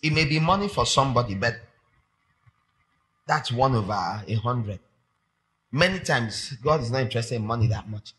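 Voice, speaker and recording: A man preaching a sermon, animated and emphatic, repeating phrases for effect. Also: mid-range voice, normal speed, long pauses.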